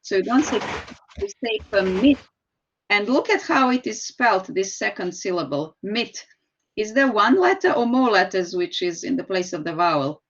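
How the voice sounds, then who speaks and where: A woman's voice: mid-range voice, very animated, normal speed, dull audio. A woman teacher, patiently explaining English spelling rules in an online lesson and calling on students. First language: Serbian.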